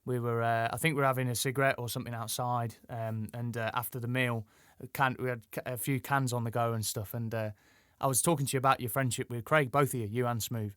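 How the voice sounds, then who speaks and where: A man in his thirties hosting a podcast, chatty and quick to laugh, rambling happily through a story. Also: mid-range voice, fairly even intonation, fairly bright tone, clean tone, no room sound, studio quality. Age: 30s. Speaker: podcast host. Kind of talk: casual podcast chat.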